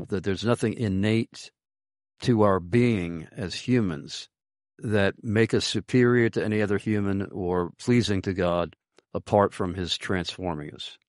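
Slow, deliberate man hosting a show. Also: deep voice, darkish tone, dry recording, studio quality. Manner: slow, deliberate, many "uh" fillers. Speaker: podcast host. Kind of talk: conversational religious talk show.

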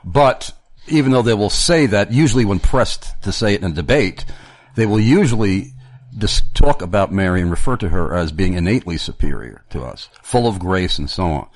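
A man's voice: low voice, animated, normal speed, dry recording. A man hosting a casual theological discussion, earnest and argumentative, often restarting his sentences.

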